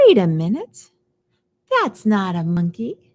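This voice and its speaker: A middle-aged woman runs a live storytime for little kids from a library room. Her high voice swoops all over with sing-song energy as she greets each child by name. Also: big pitch swings, normal speed.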